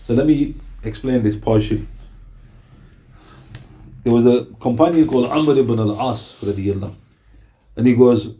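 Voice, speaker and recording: A man's voice: mid-range voice, moderate pace, long pauses, warm tone. A man with a British accent giving a sermon in a conversational style, often asking his audience questions. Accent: British English. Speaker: Islamic preacher.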